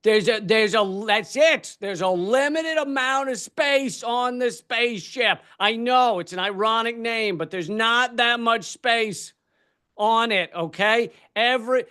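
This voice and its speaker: Man, comedian, stand-up keynote, ranting, profane, high-pitched voice. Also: a little slow, pushed and bright, clear, resonant tone.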